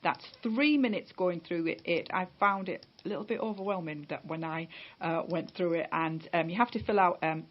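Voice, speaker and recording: A woman from northeast England hosting a casual radio interview, chatty and upbeat with plenty of fillers. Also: medium pitch. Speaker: radio host. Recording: dull lo-fi radio recording.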